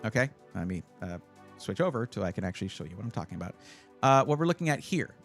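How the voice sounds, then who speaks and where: A man hosting a live stream, chatting casually and advising viewers, with frequent fillers and sudden bursts of excitement. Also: lowish voice, fast, faint music behind. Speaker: livestream host giving PC buying advice.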